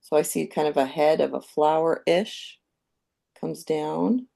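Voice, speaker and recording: A woman giving a live painting demonstration, calmly explaining each step as she thinks aloud. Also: low voice, a little slow, creaky. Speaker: painting instructor.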